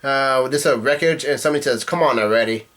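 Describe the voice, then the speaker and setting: A man's voice: medium pitch, quick pace, fairly bright tone. Man reading manga lines aloud, swearing. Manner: reads dialogue aloud, drops profane asides. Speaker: manga reaction youtuber. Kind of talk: casual reading aloud with commentary.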